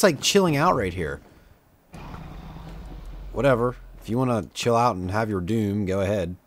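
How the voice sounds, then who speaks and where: A man's voice: on the low side, animated, moderate pace, long pauses, a little hiss or hum. A young man giving casual, self-mocking commentary over a video game, chatty and prone to sudden outbursts at enemies. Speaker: gameplay commentator. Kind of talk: casual let's-play commentary.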